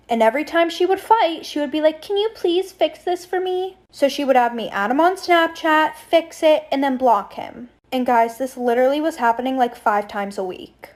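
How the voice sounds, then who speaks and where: A woman's voice: sits high, normal speed, few pauses, darkish tone. A young woman telling a candid storytime, chatty and swearing casually.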